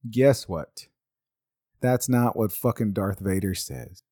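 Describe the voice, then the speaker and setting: A man's voice: mid-range voice, slow pace, dark tone, no room sound, studio quality. A man in his thirties rambling in a casual monologue, swearing freely and throwing in exasperated asides. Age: 30s.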